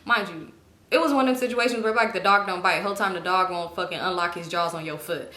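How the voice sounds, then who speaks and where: A woman telling a story in a casual storytime vlog, animated and sassy, acting out what people said. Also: lowish voice, quick pace. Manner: animated, acts out quoted dialogue with sassy asides. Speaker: storytime YouTuber. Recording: echoey room.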